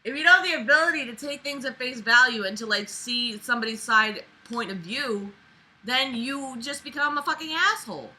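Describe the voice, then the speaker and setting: A woman's voice: on the high side, normal speed, bright, forceful tone, rough recording. A woman reading a novel aloud and breaking off with sarcastic, profane, exasperated commentary. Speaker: book reader and commentator.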